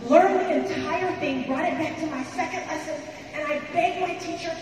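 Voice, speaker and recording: A woman's voice: high voice, fairly quick, few pauses, a little hiss or hum. A woman giving a playful stage talk to a live audience, telling stories and teasing the crowd. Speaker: keynote speaker and pianist. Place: large hall with a live audience. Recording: echoey hall, far from the mic, music and crowd behind.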